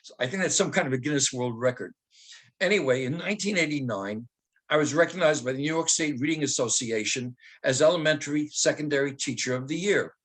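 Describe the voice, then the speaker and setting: A man in his seventies, a retired teacher, telling personal stories with humor and slowing into dramatic readings. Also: fairly high pitch, a bit bright. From Germany. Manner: humorous, anecdotal, slows to dramatic recitation.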